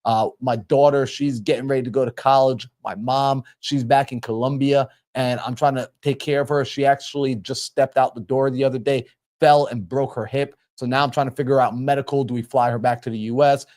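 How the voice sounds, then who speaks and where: Guy telling a cold-call story, acts out both voices, mid pitch. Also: fairly quick. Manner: animated storyteller acting out both sides of a phone call. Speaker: real estate investor.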